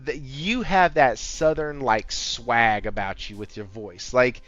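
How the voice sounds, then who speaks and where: Amped-up, bright-voiced podcast host man. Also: medium pitch, takes it slowly, dry recording. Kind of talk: casual gaming podcast chat. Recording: slightly muffled audio with faint background music.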